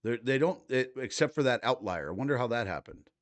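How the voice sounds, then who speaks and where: Brisk and lively in intonation, this medium-pitched male livestream host is in his thirties. He reads posts out loud and responds to them with laid-back, foul-mouthed remarks.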